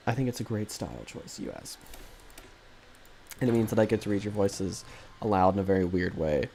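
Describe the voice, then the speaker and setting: A man's voice: deep voice, expressive, fast talker, gravelly, darkish tone, slight background noise. A man streaming a strategy game live, commentating casually in a rambling, jokey way that keeps correcting itself.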